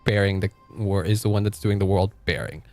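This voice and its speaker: A man's voice: fairly low pitch, fairly even intonation, fairly quick, warm tone, no echo. A male streamer casually commenting on a game as he plays and chatting with his viewers. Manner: chatty, reactive, talks to chat. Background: faint game music.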